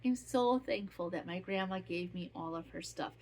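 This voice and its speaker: A woman's voice: fairly low pitch, normal speed, a little mellow. A woman hosting a podcast who chats casually in a rambling, heartfelt way. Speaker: podcast host. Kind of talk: casual chat.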